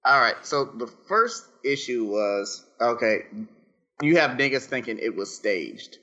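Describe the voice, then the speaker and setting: A man's voice: medium pitch, very animated, unhurried, sharp tone, dull audio. A man co-hosting a casual podcast chat, teasing and correcting the others. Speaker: podcast co-host.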